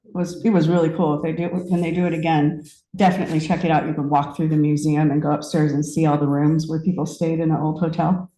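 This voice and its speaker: A woman in her fifties giving a personal story sermon, conversational and reflective, with pauses and restarts. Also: low voice, little pitch movement, mellow, echoey room, low-quality recording. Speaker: speaker at a spiritual center.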